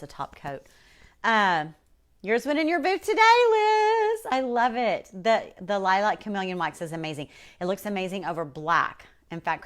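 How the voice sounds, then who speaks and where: Lively chatty woman hosting a livestream. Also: on the low side. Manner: chatty, reads viewer comments aloud. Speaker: host. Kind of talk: casual livestream chat while painting. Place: her workshop.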